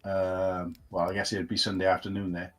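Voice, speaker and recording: A man's voice: deep voice, little pitch movement, moderate pace, fairly bright tone. A man co-hosting a live stream, chatting casually and rambling through restarts and fillers. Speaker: co-host.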